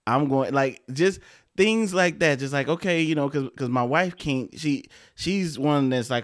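A man in casual podcast chat, a relaxed storyteller who acts out what his family says. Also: a little high, moderate pace, dry recording, studio quality. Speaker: podcast co-host.

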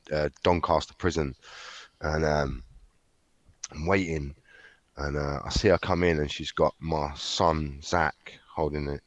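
A man speaks in a deep, low register, recounting his story to an interviewer with candid frankness. He halts often, padding his sentences with fillers and restarts. The recording is dry and close, with no room sound around him. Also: no room sound. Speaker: interview guest.

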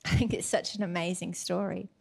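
A woman's voice: on the low side, a little fast, vocal fry, slightly rough. A woman preaching a sermon, retelling a story expressively and then reading scripture aloud. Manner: animated, expressive storyteller, laughs often.

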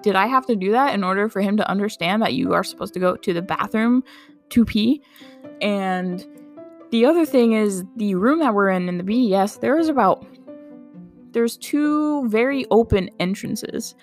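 In a mid-range voice, a young woman employed at a medical clinic relates a casual story about herself. She's talkative and incredulous, laughing along and leaning heavily on "like."

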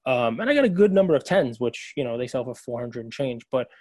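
A man's voice: medium pitch, animated, fast, a little mellow, no echo. A man co-hosting a podcast, telling a long story in casual chat, full of fillers and restarts. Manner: rambling, filler-heavy storytelling. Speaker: podcast co-host.

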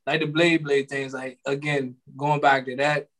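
A young man in casual conversation, talking in relaxed slang with lots of fillers. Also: medium pitch, normal speed. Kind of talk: casual chat.

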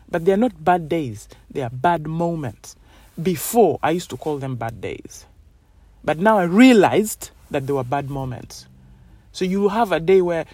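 A woman's voice: sits low, warm tone, no echo. Chatty woman, dry sound. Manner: chatty, rambling, many "you know"s. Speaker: podcast host. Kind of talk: casual motivational monologue.

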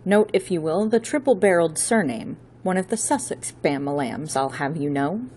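A woman's voice: lowish voice, expressive, moderate pace, dark tone, slight background noise, lightly acted. A woman voicing a flamboyant male chauffeur who speaks in a theatrical, wordy, upper-crust manner.

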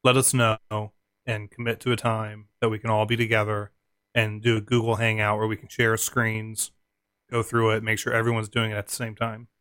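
Easygoing bright-voiced male co-host. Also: lowish voice, monotone, normal speed, clear, resonant tone, no room sound. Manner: easygoing, laughs often, explains technical steps. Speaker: podcast co-host. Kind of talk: casual podcast chat.

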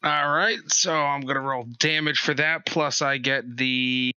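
A very bright, slow-talking player works through each turn of the tabletop game and chuckles between rolls. The mic sounds dull and lo-fi, with a dry, close feel. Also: mid-range voice, steady tone, clear, resonant tone, dry recording. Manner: unhurried, laughs between turns. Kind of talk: casual tabletop game talk.

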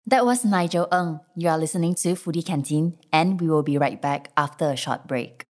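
A woman hosting a podcast, asking questions and introducing segments in a brisk, scripted way. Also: sits low. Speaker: podcast host. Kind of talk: interviewing and reading an ad.

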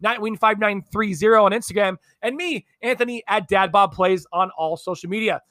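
A man hosts a podcast in a casual, joking way and then runs through the outro. His voice sits high and bright. The sound is dry, with no room echo. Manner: jokey, quick to laugh. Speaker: podcast host.

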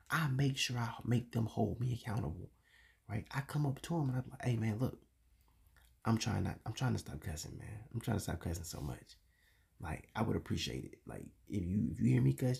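A man's voice: mid-range voice, vocal fry, dark tone, slightly rough. A young man hosting a faith talk for men, speaking casually and confessionally with lots of slang and fillers. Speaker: podcast host.

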